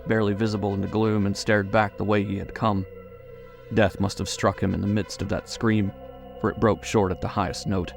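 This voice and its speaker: A man reading a horror story aloud in a measured, grave storytelling manner. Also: lowish voice, gravelly. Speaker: audiobook narrator. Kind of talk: scripted narration of a horror story.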